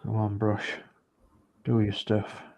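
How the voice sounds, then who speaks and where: A man's voice: lowish voice, completely flat delivery, takes it slowly, creaky, warm tone. A man chats casually and mutters encouragement to himself while painting a scale model at home. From United Kingdom. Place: home hobby room.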